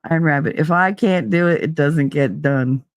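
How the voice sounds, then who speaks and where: A woman hosting a livestream, chatting casually with her viewers, animated, swearing freely and laughing often. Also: deep voice, moderate pace, dry recording. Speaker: livestream host.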